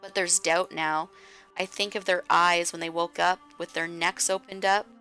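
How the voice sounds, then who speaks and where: A woman streamer reading a visual novel aloud in a slow, hushed way. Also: lowish voice, flat delivery, soft background music. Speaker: game streamer.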